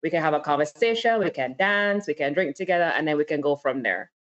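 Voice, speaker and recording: A woman's voice: sits low, lively intonation, fast talker. A woman co-hosting a casual podcast panel chat, telling stories candidly and laughing often. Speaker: podcast co-host. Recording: slightly dull lo-fi sound.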